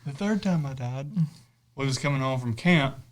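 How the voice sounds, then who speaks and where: A man's voice: medium pitch, animated, normal speed. Laid-back man telling a story. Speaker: podcast co-host. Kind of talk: casual chat.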